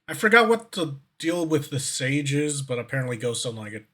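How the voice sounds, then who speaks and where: A man's voice: mid-range voice, big pitch swings, brisk, sharp tone. A man streamer giving casual reaction commentary who rambles, swears, and fills his talk with fillers and restarts.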